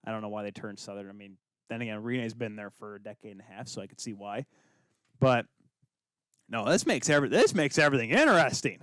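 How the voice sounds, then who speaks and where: A young man co-hosting a casual hockey podcast, arguing excitably and rattling off names. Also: lowish voice, clear, resonant tone, no echo, studio quality. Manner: excitable, rapid-fire arguing. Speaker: podcast co-host.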